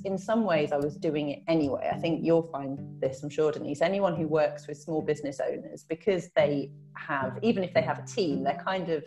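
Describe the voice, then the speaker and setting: A woman talking as a guest on a podcast, animated and often laughing, acting out little voices when she quotes. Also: deep voice. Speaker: podcast guest, business owner and coach. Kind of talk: casual podcast chat.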